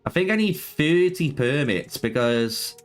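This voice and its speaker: A man's voice: on the high side, animated, unhurried, smooth, faint music behind. A man streaming a game live, chatting casually with viewers, swearing a lot, laughing often and calling them bro. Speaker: gaming streamer.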